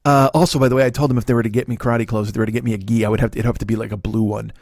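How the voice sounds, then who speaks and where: A man's voice: medium pitch, fairly even intonation, very fast, darkish tone, no echo, clean studio sound. A middle-aged man with a Chicago accent, hosting a comedy podcast in a rambling, profane storytelling monologue. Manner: profane, loose storytelling with frequent fillers.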